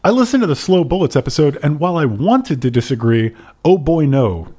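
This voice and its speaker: A man's voice: a little high, big pitch swings, brisk, a little mellow. Man reading listener mail on a podcast. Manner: reads letters aloud, playful mock accents. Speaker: podcast co-host.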